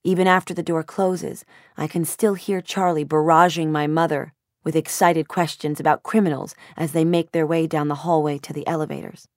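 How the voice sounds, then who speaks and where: A woman narrating a first-person audiobook in a measured, introspective way. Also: low voice, steady tone, no room sound, studio quality.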